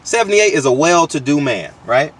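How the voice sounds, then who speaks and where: A man's voice: fairly high pitch, very animated, normal speed, slightly rough, far from the mic. A man hosting his channel, delivering a blunt, slangy, profane opinion rant with lots of emphatic restarts, recorded outdoors. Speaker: channel host.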